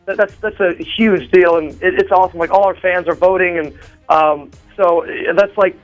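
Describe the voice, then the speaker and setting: A man, a drummer, chatting excitedly on a phone line with a radio show, rambling with many fillers and restarts. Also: high-pitched, normal speed, faint music behind. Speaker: drummer interviewed as a guest. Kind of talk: excited phone interview chat.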